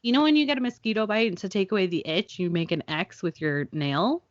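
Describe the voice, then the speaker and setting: Speaking fairly quickly at a medium pitch, a woman in her 30s hosts a podcast, casually chatting through an animated story and voicing the people in it. The recording is dry and muffled.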